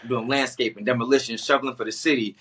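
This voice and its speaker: Speaking fast in a mid-range, slightly rough voice, a young Boston-area man who is an actor guests on a podcast. He tells his story in a casual, lively way, impersonating the people he quotes and dropping in slang.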